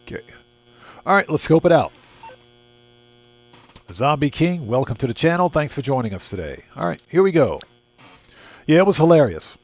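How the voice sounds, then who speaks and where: A man's voice: on the high side, big pitch swings, moderate pace, pauses often, darkish tone. A man hosting a live gaming stream, chatting casually with viewers and laughing easily. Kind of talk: casual live-stream chat while playing.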